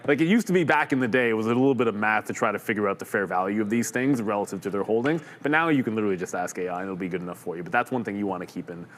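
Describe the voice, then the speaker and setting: A man's voice: on the low side, very fast, hardly any pauses, a bit bright. A man co-hosting a live stock market show, giving direct trading advice and repeating words as he thinks. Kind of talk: casual trading commentary. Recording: reverberant room with faint background noise.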